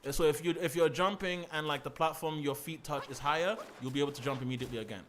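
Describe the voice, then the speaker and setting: A man's voice: on the high side, fast, a little hiss or hum. A young man, ranting playfully and swearing while streaming a game. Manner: animated, swearing, playful rants. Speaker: gaming streamer. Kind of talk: casual gaming commentary.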